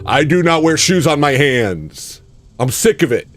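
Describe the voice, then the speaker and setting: A livestream host with a fairly high voice and big pitch swings talks at a measured pace. He rambles through a self-mocking comic monologue, theatrical throughout and prone to sudden yells.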